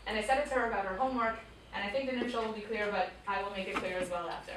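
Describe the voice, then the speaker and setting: A woman's voice: mid-range voice, racing, background noise. Woman telling a story in an echoey hall. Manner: animated storyteller, acts out voices, drops to quiet tones. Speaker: teacher speaking to students. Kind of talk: storytelling talk to a school audience. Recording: echoey room picked up from far off.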